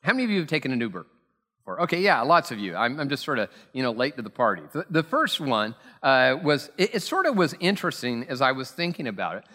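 In a church sanctuary, a pastor delivers a sermon, telling self-deprecating stories in a conversational way full of fillers. His medium-pitched voice swings widely in pitch, moving quickly with a bright, forceful tone, and the church hall gives it a long reverb.

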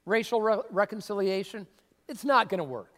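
Emphatic pastor, high voice, reverberant hall. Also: male voice, normal speed. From Seattle area. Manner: conversational, emphatic preaching with sudden bursts of excitement. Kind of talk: sermon. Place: church sanctuary. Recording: long reverb of a church hall.

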